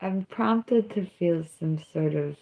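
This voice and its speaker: A woman's voice: lowish voice, slow pace, gravelly, narrow, tinny audio. A young woman hosting a casual livestream, chatting in a drawling, sardonic way that mixes jokes with confessions. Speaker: livestream host.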